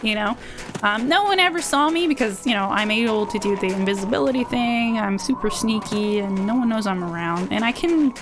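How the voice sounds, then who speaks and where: A woman streams a game live, rambling from topic to topic and getting worked up at it. Her voice sits fairly high. Game music plays clearly under her talk. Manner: rambling, excitable, quick to yell at the game. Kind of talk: live gameplay stream chat.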